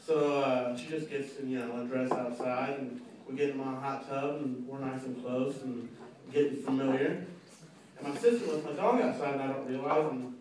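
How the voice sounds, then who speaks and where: A young man doing a stand-up set, rambling and halting, with many fillers and restarts. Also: on the high side, far from the mic, slight background noise. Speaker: stand-up comedian. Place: comedy club stage. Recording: echoey club, mic heard from afar, loud crowd laughter. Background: audience laughing.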